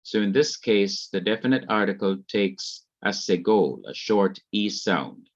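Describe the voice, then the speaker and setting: A man lectures on grammar at a slow, measured pace, spelling out terms and repeating each example. His voice sits fairly low. The recording is dull and lo-fi, with a dry, close sound. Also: expressive, dry recording. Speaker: Hebrew teacher.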